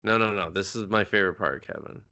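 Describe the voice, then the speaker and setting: A man co-hosting a movie review podcast, talking in a rambling, excitable way with lots of swearing and acted-out quotes. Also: fairly low pitch, quick pace, muffled recording. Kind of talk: casual profane movie chat.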